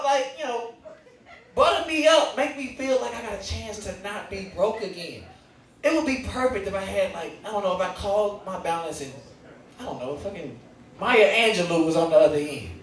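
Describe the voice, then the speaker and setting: A young man with a St. doing profane, animated stand-up storytelling. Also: sits high, very echoey, distant mic. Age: young adult. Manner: animated, profane, acts out scenes. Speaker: stand-up comedian. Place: comedy stage in a live venue.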